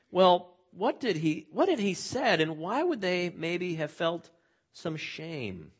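A man's voice: high-pitched, very animated, takes it slowly, slightly rough. Man preaching in a conversational way. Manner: conversational preaching with dramatic scripture reading; frequent word repeats and restarts. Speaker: pastor. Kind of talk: sermon.

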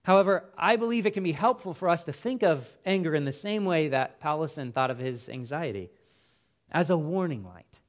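A man preaching a sermon, with an expressive, emphatic delivery whose phrases fall away at the ends. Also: a little high, fairly quick.

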